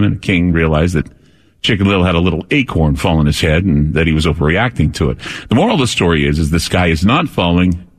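A man with a lowish voice hosts a late-night call-in radio show from a studio mic. He talks in a loose, wandering monologue, full of "uh"s and restarted sentences. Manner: rambling and conversational, many fillers and restarts. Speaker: radio talk show host. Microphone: studio microphone.

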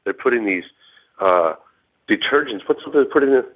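A man calling in from a hotel room, telling his story in a rambling, halting way full of restarts. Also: mid-range voice, lively intonation, husky. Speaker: phone-in guest investigator. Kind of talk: excited phone-in account. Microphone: telephone. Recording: tinny phone line.

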